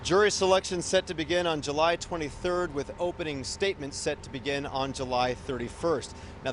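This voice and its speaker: Male TV news reporter, fairly high voice. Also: a little hiss or hum. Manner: measured, formal delivery.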